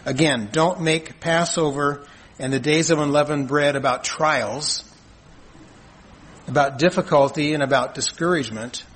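Husky man preaching a measured sermon. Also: a little high, a bit bright, rough recording. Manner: earnest, measured preaching with rhetorical questions. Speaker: pastor.

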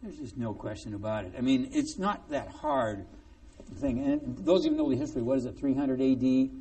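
A man preaching a sermon in a lively, conversational way, with joking, sarcastic asides. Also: mid-range voice, a little fast, vocal fry, far from the mic.

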